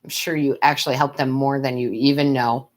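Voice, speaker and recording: A woman's voice: rumbling low, fairly even intonation, brisk. A woman giving tarot readings on a live stream, who chats with her viewers, calls them love and sweetheart, and laughs often. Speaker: tarot reader and medium.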